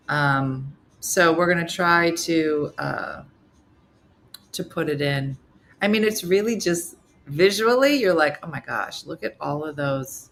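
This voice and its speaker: A woman's voice: sits low, a little hiss or hum. A middle-aged woman hosting a casual live morning show, chatting with viewers and acting out the people in her stories. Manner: animated storyteller, acts out quotes. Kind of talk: casual chat reading viewer comments.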